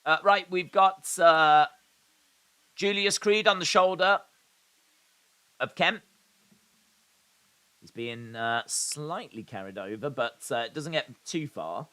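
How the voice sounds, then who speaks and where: Hosting a live stream reacting to wrestling, a man narrates the action and reads viewers' comments with a dry, sarcastic wit. His voice is fairly high, smooth and sharp in tone, and he talks slowly with frequent pauses.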